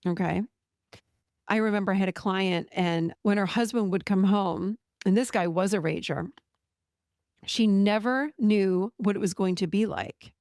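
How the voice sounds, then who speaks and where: A middle-aged woman talks straight to her listeners as a therapist and podcast host, her voice carrying a gravelly edge. She is direct and animated, acting out bits of stories as she goes. The sound is dry and close, with no room around it. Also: mid-range voice, unhurried, dry recording. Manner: direct, animated storytelling, acts out client quotes. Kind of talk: casual podcast monologue.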